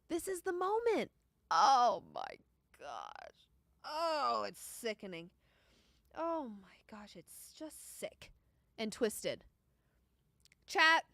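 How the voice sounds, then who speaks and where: High-voiced woman reacting live, groaning. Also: fairly bright tone, no room sound, studio quality. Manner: emotional, groaning and pleading over a losing bet. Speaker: sports betting show host. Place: sports studio. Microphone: studio microphone.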